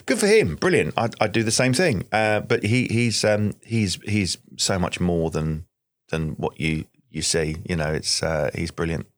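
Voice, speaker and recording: Brief: deep-voiced man, enthusiastic podcast guest, dry close sound. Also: expressive, measured pace, dry recording. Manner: enthusiastic, full of restarts and repeated words. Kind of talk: casual chat.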